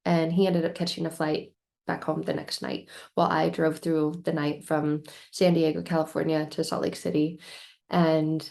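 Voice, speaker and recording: Gravelly low-voiced woman telling a story. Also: darkish tone. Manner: emotional, rambling with restarts. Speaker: vlogger sharing a personal story. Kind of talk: candid personal storytelling.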